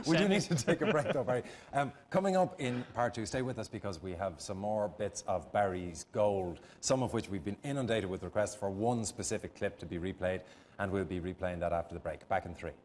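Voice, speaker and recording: An Irish man hosting a TV chat show, presenting briskly. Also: on the low side, slight background noise. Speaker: host.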